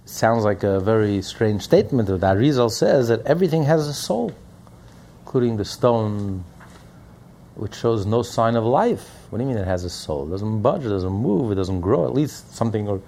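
A man's voice: lowish voice, expressive, moderate pace, dark tone. A man teaching a Hasidic text in a lecture, repeating points and asking rhetorical questions. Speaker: Torah teacher.

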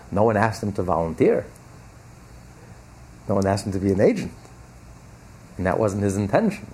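A man's voice: on the low side, darkish tone, a little hiss or hum. A man teaching as a rabbi, giving an emphatic religious lecture full of rhetorical questions and repetition.

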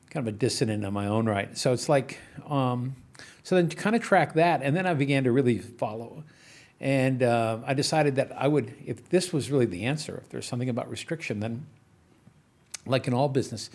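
A man guest in an interview, a business investor casually telling animated stories, chuckling and restarting his sentences as he goes. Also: mid-range voice.

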